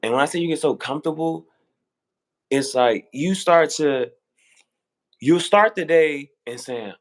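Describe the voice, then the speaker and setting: Animated man telling stories casually. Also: a little high, measured pace. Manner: animated storytelling, acting out quoted voices. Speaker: guest on fashion talk show. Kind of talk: casual conversation.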